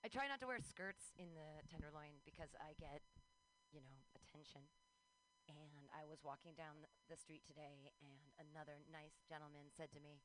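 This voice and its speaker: Bright-voiced woman doing stand-up. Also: low voice, huge pitch swings, moderate pace, slight background noise, poor audio. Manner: chatty, self-mocking, playful squeals. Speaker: stand-up comedian. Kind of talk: stand-up comedy set. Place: outdoor comedy show.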